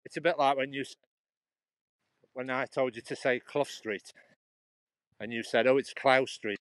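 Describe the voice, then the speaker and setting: A man chats casually on a walking vlog, rambling and restarting his sentences as he goes. His voice sits at an ordinary middle pitch. The sound is dry and close, with little reverb. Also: steady tone, a little slow, a bit bright. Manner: chatty, rambling, restarts often. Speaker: vlogger. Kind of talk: casual chat while walking. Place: outdoors in a churchyard.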